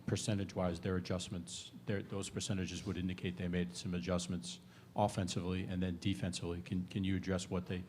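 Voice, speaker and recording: Man, sports reporter, deep flat voice, quick polite rambling questions. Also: slight background noise. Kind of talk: press conference questions.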